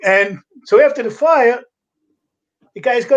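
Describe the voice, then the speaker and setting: An older man, a retired fire captain telling gruff, animated stories as a podcast guest. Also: very high voice, unhurried, dull audio. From United States. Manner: animated storyteller with a gruff, salty edge, acting out voices and laughing. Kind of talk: casual storytelling.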